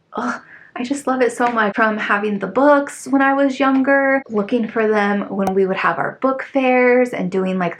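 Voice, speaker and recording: An excitable woman in her thirties talks casually through an unboxing. Her chat is loose and rambling, full of fillers and quick asides. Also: medium pitch, gravelly. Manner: chatty, excitable, many fillers. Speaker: vlogger.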